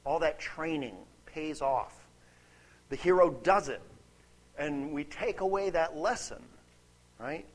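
A man preaching a sermon, conversational and animated, often checking in with "right?" and reading scripture aloud. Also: on the high side, slow, pauses often. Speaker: pastor.

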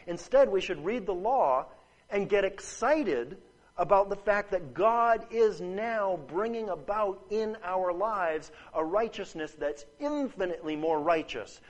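A man with a high voice delivers a sermon, earnest and emphatic. He presses his points through repeated phrases and keeps checking in with his listeners. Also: poor audio. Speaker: preacher.

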